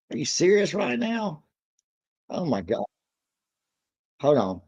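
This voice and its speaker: A man hosting a live music reaction stream, excitable and slangy, talking straight to the artist. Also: mid-range voice, normal speed, pauses often, highs cut off.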